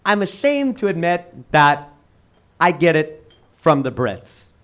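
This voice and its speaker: A man doing a stand-up comedy set for a live audience, firing off quick punchlines with sudden leaps in pitch. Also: sing-song, a bit bright. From United States. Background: audience laughter.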